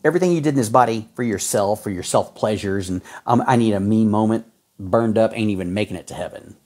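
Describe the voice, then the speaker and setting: A man preaching a fervent sermon, folksy and exhorting, with sudden jumps in pitch as he reads scripture. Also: quick pace, a little mellow. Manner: folksy, says y'all and man.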